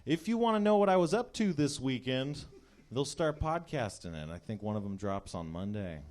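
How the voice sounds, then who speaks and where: A man's voice: medium pitch, sing-song, moderate pace, a little mellow. A man on a live comedy podcast, chatting in a dry, offhand way. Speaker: podcast regular.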